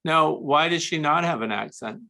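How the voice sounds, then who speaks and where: A man's voice: a little high, moderate pace, gravelly, bright, forceful tone. A man hosting a casual interview, chatty and curious, asking follow-up questions. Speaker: interviewer host.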